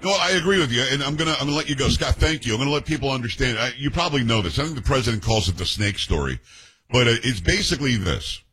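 Male call-in radio host, husky, insistent, storytelling delivery. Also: mid-range voice, lively intonation, fast talker, a bit bright. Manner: opinionated, emphatic, tells stories in character voices. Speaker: radio talk show host.

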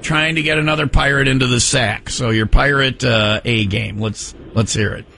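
Gravelly-voiced male radio host. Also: mid-range voice, steady tone, moderate pace, sharp tone, slight background noise. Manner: teasing, playful, self-mocking. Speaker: radio morning show host. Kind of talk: joking morning radio banter. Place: radio studio.

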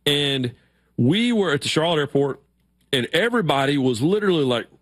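Sports radio host, man, lively storyteller, close dry studio mic. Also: on the high side, fairly quick, no echo. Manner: animated storyteller, acts out shouted quotes.

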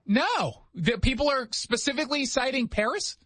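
A man hosting a radio talk show, chatting casually with sarcastic jokes and quick asides. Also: extremely high pitch, animated, sharp tone, no echo. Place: radio studio.

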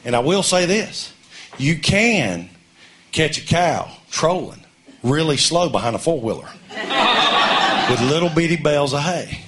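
A middle-aged man from Mississippi, telling a folksy comic story on stage and shouting his punchlines. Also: fairly high pitch, expressive, measured pace, long pauses, very noisy. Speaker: comedian. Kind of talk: storytelling stand-up.

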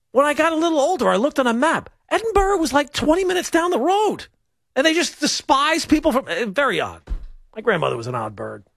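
A man's voice: high-pitched, creaky, a bit bright, no room sound, clean studio sound. A man hosting a sports talk radio show. He rambles and riffs with wry humor in a casual monologue.

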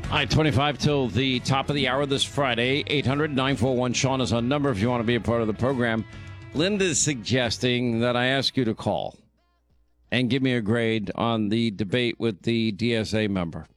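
A man with a New York accent hosting live talk radio, teasing his co-worker and interrupting her in quick on-air banter. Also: medium pitch, faint music behind. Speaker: radio talk show host. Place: radio studio. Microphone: studio microphone.

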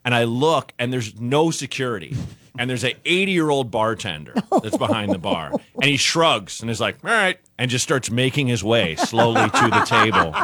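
A man, a comedian guest on a radio show, telling an anecdote in an animated way, acting out the people in it. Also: mid-range voice, normal speed, dry recording, clean studio sound. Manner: animated, acts out voices in anecdotes. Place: radio studio.

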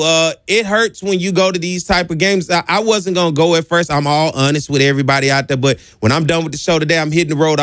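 Animated man hosting sports radio. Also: a little high, no room sound, studio quality. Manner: lively, joking, slangy, talks to callers. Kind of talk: casual sports talk radio.

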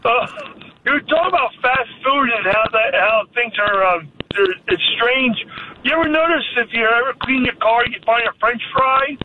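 A man calling in to a late-night radio show, speaking in halting, hesitant phrases. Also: very high-pitched. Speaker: caller. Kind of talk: phone-in chat. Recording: tinny phone line with faint noise.

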